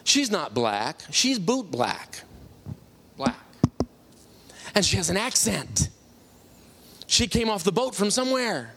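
A middle-aged man telling a personal faith testimony, animated and acting out the people he quotes. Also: high voice, slow pace, gravelly, long pauses. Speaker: testimony speaker.

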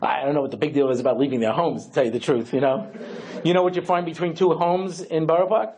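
A man's voice: a little high, fairly even intonation, fast talker, a little mellow. A man, a rabbi, giving a humorous lecture, telling stories with lots of conversational asides. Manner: storytelling with lots of you-know asides.

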